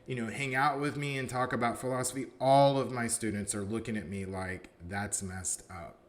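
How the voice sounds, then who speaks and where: A man's voice: mid-range voice, steady tone, a little fast. A male college philosophy professor telling a story in a casual, conversational way, often saying "you know" and acting out what people said. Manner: acts out quoted dialogue in his stories.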